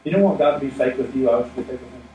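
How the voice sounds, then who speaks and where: A man's voice: mid-range voice, racing, phone-quality sound. A man giving a casual, plain-spoken sermon as pastor, mixing humor with earnest appeals to his congregation. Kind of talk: conversational sermon. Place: church sanctuary with responding congregation. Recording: echoey room, mic at a distance, faint noise.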